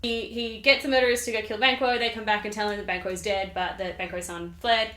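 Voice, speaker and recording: A woman's voice: mid-range voice, steady tone, fairly quick, bright, forceful tone. A woman hosting a comedic summary of a play, chatty and sarcastic, with rambling asides. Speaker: video host. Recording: roomy echo.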